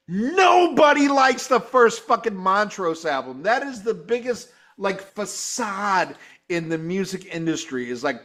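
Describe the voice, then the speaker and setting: A man hosting a live show, ranting and swearing constantly as he reviews a concert, exasperated and mocking. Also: sits high. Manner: mimics singers and guitars in loud mocking voices. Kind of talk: profane ranting commentary.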